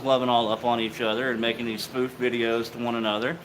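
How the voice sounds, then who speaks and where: Laid-back swearing bladesmith host. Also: male voice, medium pitch, quick pace, hardly any pauses, slight background noise, rough recording. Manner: relaxed, joking, swears freely, many fillers. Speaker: host, bladesmith on a live stream. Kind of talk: casual live-stream sign-off.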